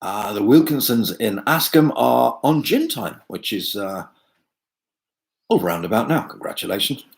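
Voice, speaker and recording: A man's voice: mid-range voice, sing-song, unhurried, vocal fry, poor audio. A man hosting a pub quiz from home on a video call, chatting and joking with lots of fillers. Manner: chatty, jokey asides, many fillers. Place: home room.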